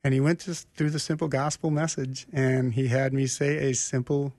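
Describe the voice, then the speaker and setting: A man telling his personal faith story as an interview guest, earnest and animated, often restarting sentences. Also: mid-range voice, moderate pace, dry recording. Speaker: guest sharing his testimony. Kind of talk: conversational storytelling.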